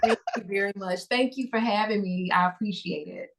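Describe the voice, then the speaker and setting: A woman's voice: mid-range voice, brisk, creaky, rough recording. A woman guest on an interview show, talking in a confident, talkative way with playful boasting. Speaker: guest content creator. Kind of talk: casual interview chat.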